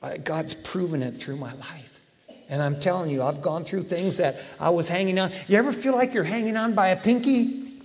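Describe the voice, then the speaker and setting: A man preaching a sermon in a lively, conversational way, with casual slang. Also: high voice, normal speed, long reverb tail. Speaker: pastor. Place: church.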